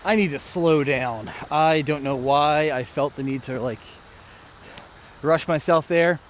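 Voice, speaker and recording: A man's voice: a little high, a little slow, slight background noise. Chatty American guy vlogging outdoors. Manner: chatty, self-narrating, talks to viewers. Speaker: disc golf vlogger. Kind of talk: casual play-by-play vlog. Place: outdoor park course.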